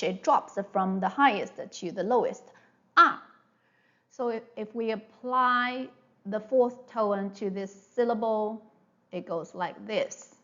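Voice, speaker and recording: This slow online lesson features a woman teaching Mandarin pronunciation in a mid-range voice, with the highs missing from the recording. Patient and repetitive, she elongates sounds to show them and frequently asks "all right?"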